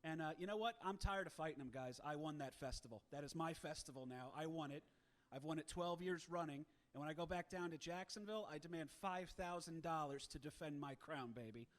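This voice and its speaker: A man in his thirties telling a self-mocking story in a stand-up set, brash and animated at the punchlines. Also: a little high, brisk. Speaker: stand-up comic.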